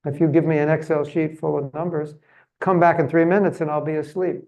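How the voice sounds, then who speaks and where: A man's voice: fairly high pitch, little pitch movement, a little fast, vocal fry, a little mellow, rough recording. A man giving a religious seminar talk in a chatty, humorous, self-deprecating way. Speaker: seminar speaker.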